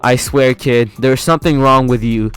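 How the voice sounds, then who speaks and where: A gruff male fox spirit living in a boy's mind, blunt and teasing, as a man reads him aloud. The voice is mid-pitched and smooth, with an exasperated edge to every remark. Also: normal speed, soft background music, close to an everyday voice. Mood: grumbling.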